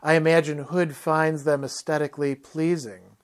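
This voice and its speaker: A languid young male twin speaks with cool disdain, as a man puts him on during a reading. The voice sits a little high and stays detached. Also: little pitch movement, normal speed, natural voice. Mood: mocking.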